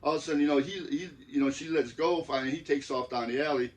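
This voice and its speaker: Detroit-area male co-host, relaxed storyteller, distant mic. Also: fairly high pitch, fast. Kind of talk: casual storytelling chat.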